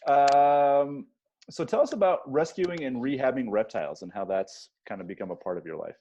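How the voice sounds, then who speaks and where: A man hosting a casual interview, easygoing and halting with fillers. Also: mid-range voice, lively intonation, mellow, highs cut off, a little hiss or hum. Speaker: interview host.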